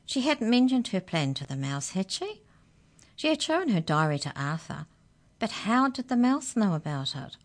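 A woman narrating a children's story aloud in an expressive, gently dramatic way. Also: mid-range voice, moderate pace.

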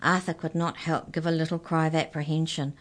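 A woman reads a children's story aloud in a low, gentle voice. Her narration is expressive and measured, made to carry a young listener through the tale.

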